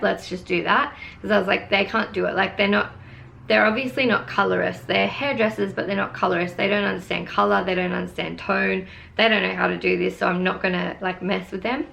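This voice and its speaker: A woman's voice: medium pitch, vocal fry, pushed and bright. A young woman vlogger telling a casual, exasperated storytime full of "like". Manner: chatty, exasperated, heavy use of "like". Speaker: beauty vlogger.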